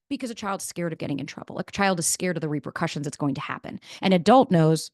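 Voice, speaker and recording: A woman, giving a blunt, animated motivational talk as a podcast host and swearing freely. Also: sits low, fast, few pauses, dry recording, studio quality.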